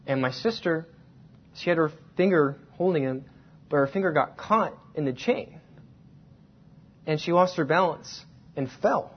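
A man preaching a sermon, telling a personal story and slowing down to stress key words. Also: a little high, husky. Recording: dull lo-fi sound.

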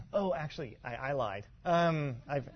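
A pastor teaching a congregation in a loose, conversational way, full of fillers, restarts and rhetorical asides. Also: male voice, fairly high pitch, animated, a little slow, slightly rough. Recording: dull lo-fi sound.

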